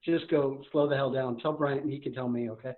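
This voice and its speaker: A man coaching a guest in a live podcast conversation, talking very fast and with high energy. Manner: fast, energetic, talks a million miles an hour. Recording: tinny phone-like remote line.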